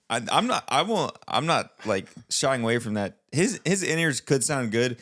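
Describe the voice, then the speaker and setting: A young man co-hosting a casual podcast, with a voice of ordinary middle pitch. He talks animatedly and often breaks off to restart his sentences. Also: normal speed, hardly any pauses, no room sound, studio quality. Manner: animated, restarts mid-sentence, critiquing a church band clip. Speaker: podcast co-host. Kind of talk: casual chat.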